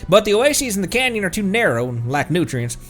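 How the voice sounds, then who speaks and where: A man's voice: high voice, very animated, a little fast, soft background music, pitched above the performer's own voice. Man voicing a courteous swamp crocodile rancher with a stumbling put-on drawl. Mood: courtly. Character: swamp-accented crocodile farmer man, polite and grim.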